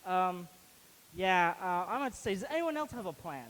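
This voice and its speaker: High school boy as a scaredy-cat lion, high voice, all bluster and nerves. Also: lively intonation, normal speed, a bit bright, low-quality recording. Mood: nervous. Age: teens. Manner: nervous blustering, hesitant. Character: timid cowardly male lion, boastful then scared. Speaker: student actor. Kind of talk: school stage play.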